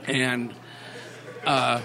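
A middle-aged man, a songwriter guest, telling career stories in a casual interview, animated, rambling and full of swearing. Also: mid-range voice, drawn-out words. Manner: animated, profane, rambling storyteller.

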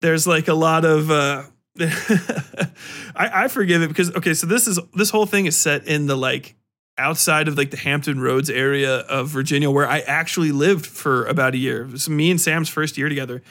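A man's voice: a little high, moderate pace, a bit bright. A man hosting a podcast, casually reviewing a book in a rambling, profane way, laughing often and acting out quotes. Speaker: podcast host.

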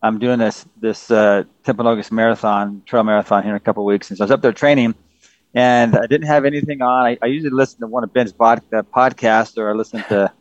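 A man in a mid-range voice tells a personal story at a quick clip. He is earnest and open. His recording sounds dull and dry, with little top end. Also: mid-range voice, fairly even intonation, no echo. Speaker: podcast co-host. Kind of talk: casual podcast storytelling.

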